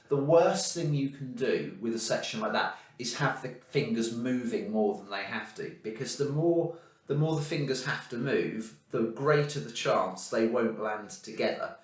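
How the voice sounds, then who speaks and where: A man giving a student encouraging piano practice tips, singing rhythms as "da" and demonstrating at the keys. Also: medium pitch. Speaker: piano teacher. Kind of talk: recorded practice feedback. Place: room with a piano. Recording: very echoey room, mic far off. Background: piano playing.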